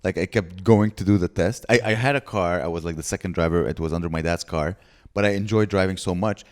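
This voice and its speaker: Teasing podcast co-host, a man. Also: low voice. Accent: Canadian. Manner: teasing interjector, dry jokes and quick questions. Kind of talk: casual comedy podcast chat.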